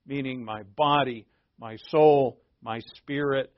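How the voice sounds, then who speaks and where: A man teaching through a Bible passage in a relaxed, conversational way, explaining terms plainly and often restarting his sentences. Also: mid-range voice, unhurried, no room sound, dull audio. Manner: conversational and digressive, with frequent restarts.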